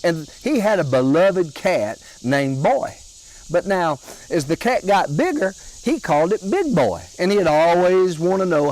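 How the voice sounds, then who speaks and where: A man's voice: a little high, lively intonation, darkish tone, rough recording. Drawling Southern storyteller, older man. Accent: Southern American. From Alabama. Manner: slow, drawling delivery with chuckles. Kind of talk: folksy humorous storytelling.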